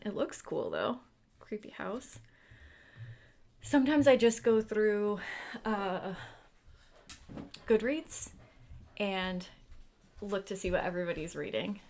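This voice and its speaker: A young woman chatting casually while carving a pumpkin, musing aloud about books and dropping now and then into quiet asides. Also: mid-range voice, gravelly, slight background noise. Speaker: booktuber.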